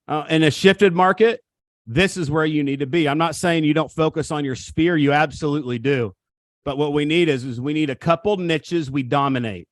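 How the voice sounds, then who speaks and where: Guy hyping up agents on a video call, kinda high voice, dry sound. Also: no room sound. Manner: energetic, repetitive, pep-talk delivery. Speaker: real estate coach. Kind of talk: coaching seminar talk.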